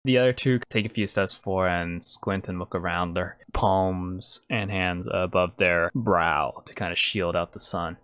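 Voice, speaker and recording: A fairly low-voiced man narrates as a tabletop game master in a relaxed, hesitant way, with frequent fillers. The sound is very dry and close, with no room around it. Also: a little slow, few pauses, smooth, no echo.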